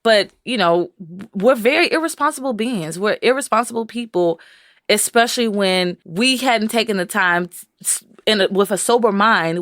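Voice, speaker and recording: A young woman co-hosting a relationship podcast in casual chat, telling stories with lively quoted voices. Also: no echo, clean studio sound. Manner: animated storyteller, acts out quoted voices in a high pitch. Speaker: podcast co-host.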